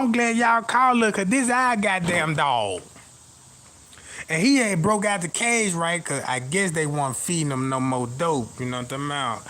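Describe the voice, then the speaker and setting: A man's voice: high voice, fairly bright tone. A man telling profane comic stories in a stand-up style, constantly asking "you know what I'm talking about". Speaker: comedian. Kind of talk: stand-up storytelling.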